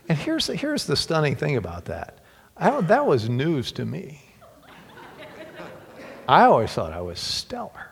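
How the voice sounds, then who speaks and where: A middle-aged man preacher telling personal stories in a sermon, halting and heartfelt, with repeated words and whispers on tender lines. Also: medium pitch, gravelly. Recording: long hall reverb.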